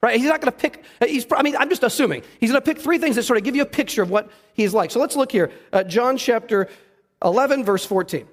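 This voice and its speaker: A man's voice: extremely high pitch, fast talker, in a large hall. A man preaching a sermon in church, talking conversationally and putting questions to the congregation. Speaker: pastor. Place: church sanctuary.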